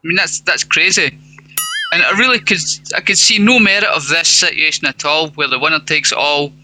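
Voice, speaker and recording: A man's voice: on the high side, a little fast, over music, low-quality recording. A man making his case as a podcast panel guest, argumentative and using worked examples. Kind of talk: casual panel chat.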